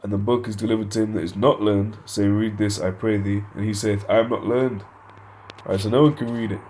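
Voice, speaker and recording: A man's voice: fairly low pitch, little pitch movement, a little fast, darkish tone, a little hiss or hum. A man giving an informal Bible study lesson, reading verses and word definitions aloud, thinking aloud and correcting himself as he goes. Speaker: Bible teacher.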